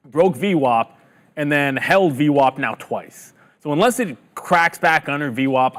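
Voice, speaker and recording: A man co-hosting a live trading stream, bantering casually and then thinking aloud about stock levels and trades. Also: medium pitch. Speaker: co-host of a live trading show.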